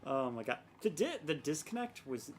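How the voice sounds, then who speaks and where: Young woman streamer rambling about her laggy pc, self-mocking, super animated voice. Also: low-pitched, normal speed, a little hiss or hum. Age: young adult. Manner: rambling, self-mocking, exasperated at tech trouble. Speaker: game streamer. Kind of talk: casual live-stream chat.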